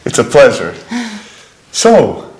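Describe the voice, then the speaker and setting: An actor with an American accent playing a friendly young man, the new flatmate, in a language-course drama, speaking slowly and clearly. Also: medium pitch. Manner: slow, clearly enunciated lines. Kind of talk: scripted drama dialogue for learners.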